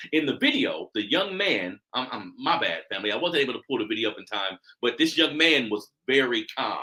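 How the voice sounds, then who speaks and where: A man hosts a casual podcast with a bright, forceful voice. His pitch moves a lot as he speaks, and he addresses his listeners directly as family. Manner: animated, addresses listeners as family, laughs easily. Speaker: podcast host.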